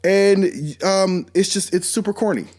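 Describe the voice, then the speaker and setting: A man hosting a podcast, giving casual, animated commentary and talking straight at the people he discusses. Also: high voice, unhurried. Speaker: podcast host.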